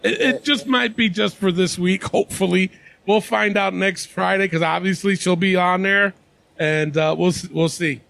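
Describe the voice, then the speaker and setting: A man's voice: high voice, fairly even intonation, normal speed, creaky, fairly bright tone, no room sound. A man hosting a casual wrestling podcast chat, talking in a meandering, hedging way. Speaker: podcast host.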